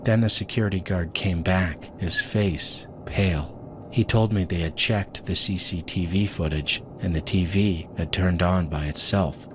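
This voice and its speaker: A man narrating a scripted horror story in a measured, steady way. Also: low voice, background noise. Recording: voice-over with music behind.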